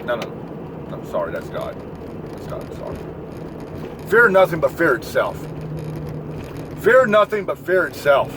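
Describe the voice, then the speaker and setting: A man delivering a profane political rant, lecturing the listener directly and swearing freely. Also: mid-range voice. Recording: outdoor traffic noise behind voice.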